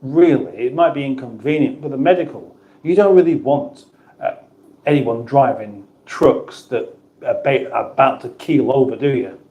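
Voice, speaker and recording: A middle-aged British man hosts a casual livestream, rambling through viewer comments with banter and frequent restarts. His voice is mid-range and his pace is normal, though the recording sounds muffled.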